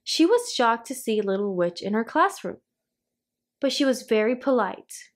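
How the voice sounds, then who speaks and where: A woman reading a children's storybook aloud, in a clear storytelling manner. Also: on the high side, big pitch swings, moderate pace. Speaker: storybook reader.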